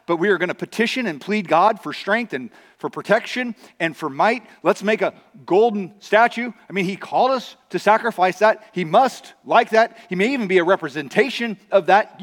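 A man's voice: high voice, a bit bright. A man preaching a sermon as pastor, conversational with acted asides. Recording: long reverb of a large hall.

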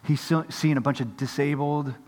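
A man's voice: on the high side, steady tone, normal speed, a little mellow, big-room sound. A man preaching a sermon as pastor, acting out the voices of people in the story.

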